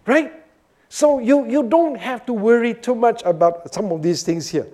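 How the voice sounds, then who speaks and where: A man teaching through a psalm verse by verse, animated and often checking in with his listeners. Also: very high-pitched, normal speed. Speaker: Bible teacher. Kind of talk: expository sermon.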